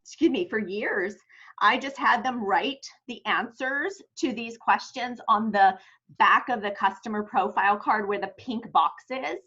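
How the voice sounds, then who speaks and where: A woman's voice: a little high, a little slow, pushed and bright, breathy edge, muffled recording. A woman giving sales training in a chatty way, telling of her own practice. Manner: chatty, self-correcting, tells stories of her own practice. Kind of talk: training talk to a sales team.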